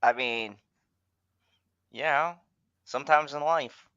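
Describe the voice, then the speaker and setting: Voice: medium pitch, slow, a bit bright, no room sound, lo-fi sound. A co-host of an online review show chatting casually over a video call, laughing often and restarting sentences. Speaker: podcast co-host.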